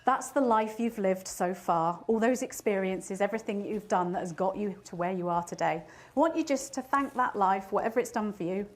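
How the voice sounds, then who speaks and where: A woman in her fifties speaks to a live audience in a motivational talk, mixing a personal story with life advice. Her voice sits in a middle pitch, and she laughs at herself as she goes. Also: a little fast, few pauses. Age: 50s.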